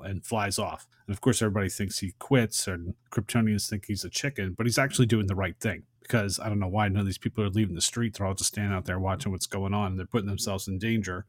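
A man's voice: fairly low pitch, fairly even intonation, a little fast, few pauses, no echo, clean studio sound. A man in a casual podcast chat, animatedly recapping movie scenes and acting out short quotes. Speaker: podcast co-host. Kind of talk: casual film discussion.

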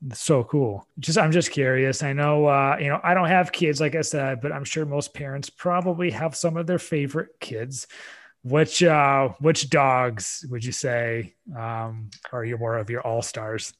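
A man's voice: mid-range voice, fairly even intonation, a little slow. Enthusiastic man podcast host. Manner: enthusiastic, full of "like" and "awesome". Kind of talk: casual interview chat.

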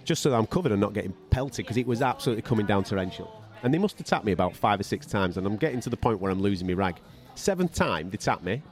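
A man's voice: lowish voice, soft background music. A man telling boxing stories on a podcast in a casual way, swearing freely and mimicking the people in them. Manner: animated and fast-talking. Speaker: podcast co-host, boxing radio commentator. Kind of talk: casual storytelling chat.

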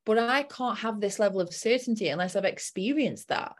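A woman's voice: medium pitch, animated, a little fast. A young adult woman coach telling a personal story in a casual chat and acting out her own inner voice.

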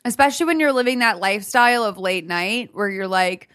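A woman chatting casually as a podcast co-host, animated, swearing freely and filling every pause with "like". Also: mid-range voice, dry recording, clean studio sound. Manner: animated, swears a lot, heavy use of "like". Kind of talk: casual chat.

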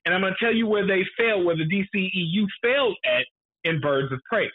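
A man's voice: high-pitched, lively intonation, fairly quick. A man in casual film discussion, talking emphatically, repeating his points for effect and swearing freely. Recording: tinny phone-like sound.

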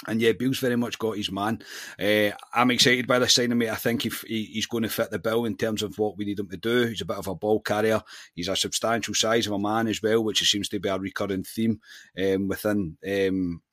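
A Scottish man co-hosts a casual football podcast in a low voice. The sound is close and dry, with no room around it. He tells stories with lively energy and drops "mate" into almost every sentence. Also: fairly quick, no room sound. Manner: animated storyteller, says "mate" constantly. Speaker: podcast co-host.

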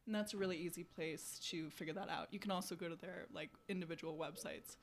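A young woman co-hosting a podcast in casual chat, talking quickly with lots of fillers like "you know" and "like". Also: fairly low pitch, steady tone. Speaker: podcast co-host.

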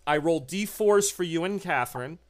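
A game master slowly narrating a horror tabletop game with deliberate, ominous description. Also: medium pitch, expressive.

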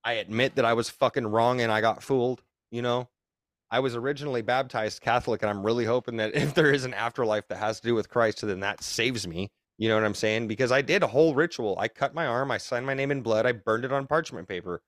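Speaking quickly in a medium-pitched, slightly bright voice, a young podcast guest rambles through an emphatic, swear-filled retelling. The sound is close and dry, with no echo, suited to casual podcast storytelling.

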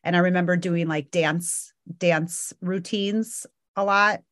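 A woman on a podcast, chatting casually and recalling things in a relaxed way. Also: lowish voice, takes it slowly, no echo, clean studio sound. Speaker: podcast co-host. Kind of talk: casual chat.

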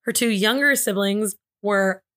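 A woman's voice: medium pitch, unhurried, a bit bright. A woman from Indiana co-hosting a true crime podcast, telling the case in a chatty, joking way and laughing often. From Indiana, USA. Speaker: podcast co-host, case presenter.

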